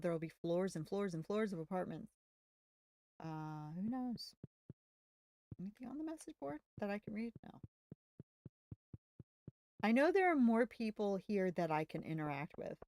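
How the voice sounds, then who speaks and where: A woman's voice: medium pitch, a little mellow, no room sound. A woman streamer chatting casually as she plays a farming game, easygoing and thinking aloud while she talks. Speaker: gaming streamer. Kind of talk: casual gameplay commentary. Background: faint music.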